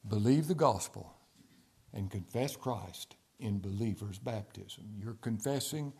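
A man preaching a sermon with passion, rising to loud emphatic peaks, dropping to quiet low asides, and firing rhetorical questions between scripture quotations. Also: unhurried, vocal fry, breathy edge.

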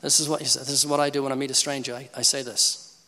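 A fast-talking man with a mid-range voice preaches as an animated evangelist, humorous and fond of acting out conversations. His talk weaves in acted dialogues. Echoey hall reverb colors the audio.

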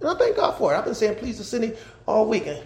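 A male pastor preaches, his voice high and swinging widely in pitch. He laughs and shouts as he drives his points home. The echoey church room rings around his words. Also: fast talker. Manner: animated, laughing, shouting at times. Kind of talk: sermon.

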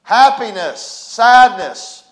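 Male pastor, high tenor voice, preaching with rising emphasis and call-and-response from the pulpit. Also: lively intonation, very slow, low-quality recording. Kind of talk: sermon. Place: church sanctuary.

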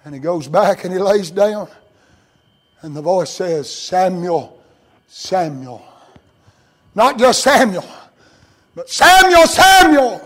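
A man preaching a sermon as a story, rising to cries and dropping to hushed tones. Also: high-pitched, lively intonation, a little slow, long pauses, rough recording. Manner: dramatic, swings between loud cries and hushed near-whispers.

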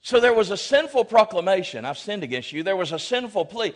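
A male pastor preaching a sermon, swinging from loud exhortation to quiet asides and calling for amens from the congregation. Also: high-pitched, big pitch swings, fairly quick.

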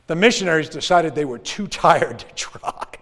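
A man telling a personal story to an audience in a lively way, acting out the other people's voices. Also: a little high, moderate pace. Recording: long hall reverb.

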